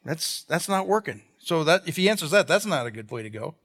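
A man preaches a sermon in a high voice that swings widely in pitch. He reads scripture, then unpacks it in plain, chatty talk, often restarting his sentences. Now and then he acts out the people in the story. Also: brisk. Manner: animated, acts out the quoted people in the stories; conversational, with repeated restarts. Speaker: pastor.

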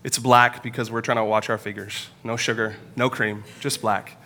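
A man in his thirties preaches a sermon from a church pulpit, his voice bright and forward. He tells personal stories in an earnest, confessional way, slowing and pausing as he goes. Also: medium pitch, little pitch movement, slight background noise. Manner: earnest, confessional storytelling with pauses. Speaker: pastor.

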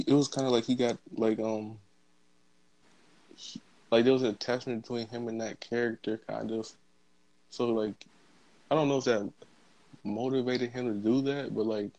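A man's voice: mid-range voice, dark tone, no echo, low-quality recording. A man in a casual group chat, talking loosely with slang and many fillers. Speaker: podcast participant.

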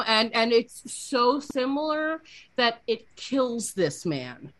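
A woman co-hosting a podcast in casual chat, animated and profane with quick asides. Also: fairly high pitch, no echo. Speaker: podcast co-host.

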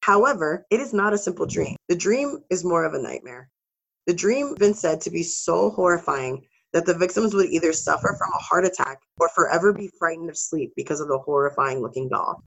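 A woman's voice: on the low side, expressive, fairly quick, gravelly, a bit bright, husky, poor audio. A woman co-hosting a podcast, reading spooky stories aloud with casual asides and some swearing. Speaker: podcast co-host. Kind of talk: casual storytelling.

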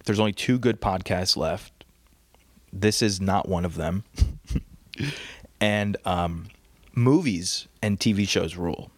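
A man's voice: low-pitched, slow, long pauses, no echo. A man hosting a casual solo podcast from home, rambling crudely and laughing at his own jokes. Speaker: podcast host. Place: home, on a couch.

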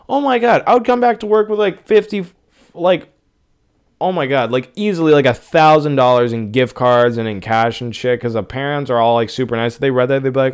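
Smooth-voiced young man ranting profanely. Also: medium pitch, a little fast. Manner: rambling, profane and exasperated. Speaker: podcast host. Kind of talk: casual rant.

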